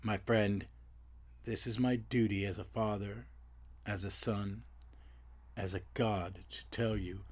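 A man's voice: on the low side, fairly even intonation, takes it slowly, long pauses. A man doing a grave, solemn old god. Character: solemn old male god, stern father figure.

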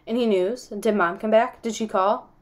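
A woman's voice: mid-range voice, normal speed, close to an everyday voice. A woman reading aloud, voicing an anxious, insistent young girl who talks earnestly and indignantly. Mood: worried.

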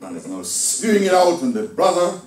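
A man delivering a sermon as a deacon, swinging between loud outbursts and hushed asides. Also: high-pitched, big pitch swings, normal speed, reverberant, distant mic, low-quality recording. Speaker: deacon preaching. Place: church hall.

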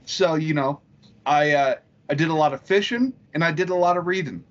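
A man co-hosting a crude comedy podcast, telling profane stories with excitement. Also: fairly high pitch, a little fast. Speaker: podcast co-host. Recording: dull, slightly lo-fi sound.

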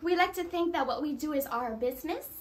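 A woman preaching a sermon, animated and acting out quoted voices as she addresses the congregation. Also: sits high, brisk, a little hiss or hum.

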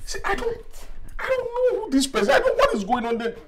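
An actor with a Nigerian accent playing a well-off husband who soothes softly and stammers when caught out, in a Nollywood film. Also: male voice, high voice, huge pitch swings, normal speed. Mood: flustered. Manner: soothing, then flustered and stammering. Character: well-off husband, suave then flustered.

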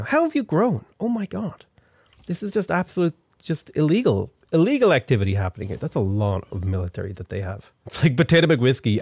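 A man's voice: mid-range voice, dry recording, studio quality. A young man commenting casually on a strategy game he is playing, joking and getting exasperated. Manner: animated, exasperated, jokey. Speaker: gaming YouTuber.

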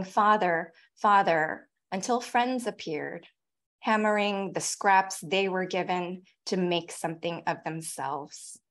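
A woman in her forties, a featured poet, reading her poems slowly and deliberately, then chatting quickly between them over a video call. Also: mid-range voice. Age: 40s. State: tearful, voice catching. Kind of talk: poetry reading with spoken asides.

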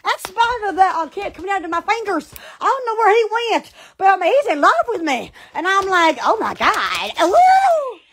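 A woman's voice: extremely high pitch, sing-song, normal speed, hardly any pauses, fairly bright tone. A woman hosting a casual livestream, giggly and rambling with frequent exclamations. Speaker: livestream host. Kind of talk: casual Instagram livestream chat.

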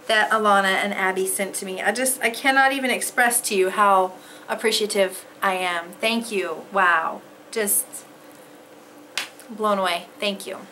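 A woman opening fan mail in casual, unhurried chat, overwhelmed with emotion. Her voice is high and bright, swinging widely as she gasps and swears. A faint hiss sits under the recording. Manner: gasping, excitable, swears freely.

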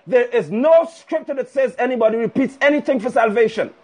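A man's voice: very high voice, expressive, a little fast, a little mellow, husky. A male preacher delivering a fiery, scolding sermon live over a phone stream. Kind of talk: sermon on a livestream. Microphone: phone livestream.

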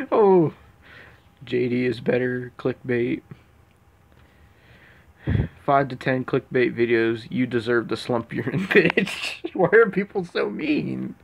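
A man's voice: medium pitch, gravelly. A man reading out comments in a casual reaction commentary, laughing often as he reads. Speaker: YouTube commentary host.

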